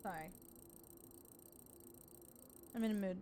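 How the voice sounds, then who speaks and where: A woman's voice: medium pitch, slow pace, warm tone, slight background noise. A young woman, chatting casually and rambling with her stream viewers from home. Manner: rambling, chatty, laughs often.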